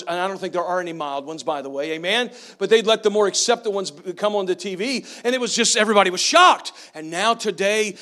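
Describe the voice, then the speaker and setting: A man's voice: sits high, a bit bright. A middle-aged man preaching a sermon as pastor, often asking the congregation for an "amen" or a "right?". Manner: preaching with call-and-response questions to the congregation.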